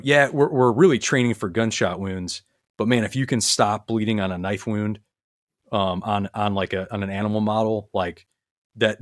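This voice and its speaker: A man's voice: lowish voice, no echo, clean studio sound. A man speaking as a podcast guest, telling stories in an earnest, rambling way with many restarts and fillers. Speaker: podcast guest, retired military medic. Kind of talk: casual conversational storytelling.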